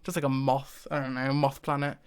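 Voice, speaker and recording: A man's voice: medium pitch, flat delivery, a little fast, clear, resonant tone. A man talking casually to the camera, thinking aloud with hesitations and frequent laughs. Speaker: YouTuber.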